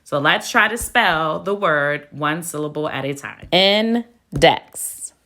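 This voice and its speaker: A woman teaching a phonics spelling lesson, with a low-pitched voice. She speaks slowly and deliberately, spelling words out letter by letter and counting syllables. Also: lively intonation, a bit bright, a little hiss or hum. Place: classroom.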